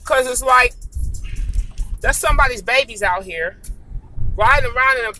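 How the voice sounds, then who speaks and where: Fired-up woman with a bright, high voice. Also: normal speed, soft background music, low-quality recording. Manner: heated, indignant, repeating herself for emphasis. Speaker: vlogger. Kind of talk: angry personal rant to camera.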